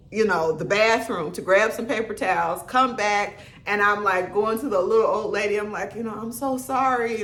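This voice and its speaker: A woman telling a funny story in a casual vlog, acting out quotes and laughing as she goes. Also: mid-range voice. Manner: animated, laughing, acts out quotes. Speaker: vlogger. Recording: echoey room.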